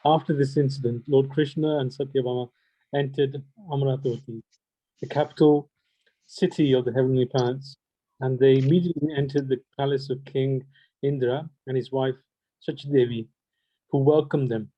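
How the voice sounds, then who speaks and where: A man's voice: mid-range voice, steady tone, normal speed. Man reading scripture over muffled audio. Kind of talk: reading scripture aloud to a group.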